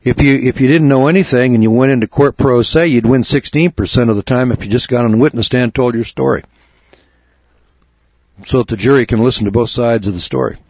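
A man's voice: mid-range voice, fairly quick, darkish tone, no room sound, highs cut off. A man hosting a radio talk show, telling a story in a plainspoken, folksy way, repeating words and getting worked up.

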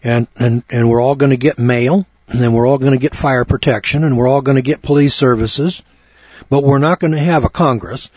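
Folksy male preacher, wry, husky voice, dry dull recording. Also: medium pitch, steady tone, a little fast, darkish tone, no echo. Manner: folksy, wry, rhetorical questions. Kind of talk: folksy sermon on scripture.

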